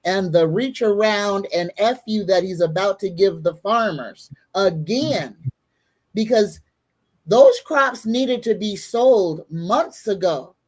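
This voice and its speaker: Mid-pitched woman, earnest folksy talk over a video call. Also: animated, takes it slowly, darkish tone. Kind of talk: casual political chat.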